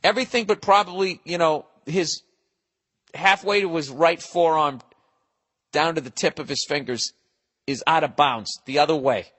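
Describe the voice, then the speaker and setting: A male podcast host rants through a profane, rambling comedic monologue. His voice sits slightly high and sounds bright and forceful. A long reverb trails behind each line. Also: normal speed. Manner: profane, ranting, digressive.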